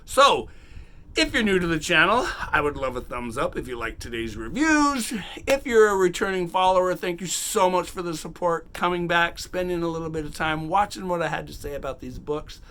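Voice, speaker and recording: A man hosting a casual, unedited book review, chatty and animated, acting out bits of the story in quick quotes. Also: fairly high pitch. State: has the hiccups. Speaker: book review channel host.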